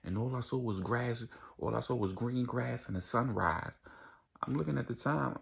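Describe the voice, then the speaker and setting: A man's voice: medium pitch, moderate pace, gravelly, husky. A young man telling a casual storytime vlog, acting out the voices of people in his story.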